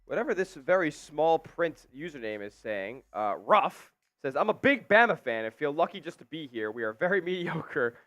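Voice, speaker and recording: A man's voice: fairly high pitch, sing-song, moderate pace, hardly any pauses, a bit bright, no echo. A man co-hosting a live sports stream, joking around and reading viewer comments aloud. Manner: jokey, reads chat messages aloud. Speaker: stream co-host. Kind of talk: casual live stream chat.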